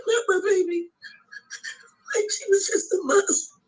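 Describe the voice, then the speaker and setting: A grieving middle-aged woman, tearful and halting, pleading in an emotional video appeal. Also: very high-pitched, fairly even intonation, rough recording. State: tearful, voice breaking. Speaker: grieving mother.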